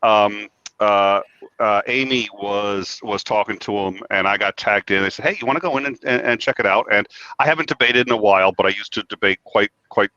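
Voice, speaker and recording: A man chatting as a guest over a video call, halting and self-mocking as he tells a story. His voice is bright and forward at a middle pitch. The audio is dry and dull, with a lo-fi call sound. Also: dry recording. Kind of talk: casual chat.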